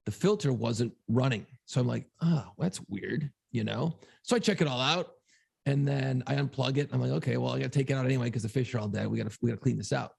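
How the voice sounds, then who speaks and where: A man co-hosting a podcast, telling a long story in a casual, profane, animated way. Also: medium pitch, fast talker, creaky, breathy edge. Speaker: podcast co-host.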